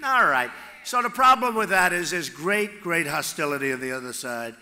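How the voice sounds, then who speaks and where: A man giving a campaign rally speech off the cuff, repetitive and boastful, swinging from loud shouts to hushed asides at a podium microphone. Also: a little high, sing-song, moderate pace. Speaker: political candidate at a rally. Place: large rally venue with crowd. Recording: echoey rally hall with long reverb.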